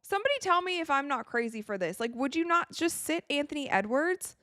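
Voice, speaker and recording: An excitable woman from the United States giving casual live commentary while watching a game, tired and yawning, with quick reactions and frequent laughs. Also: sits high, no echo, clean studio sound. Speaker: live-stream sports commentator.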